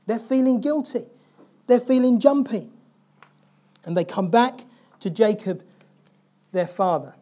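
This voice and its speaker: A male pastor preaching a sermon, retelling a Bible story with animated asides and questions to the congregation. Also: very high voice, a little slow, long pauses. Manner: animated storytelling, acting out biblical figures' lines.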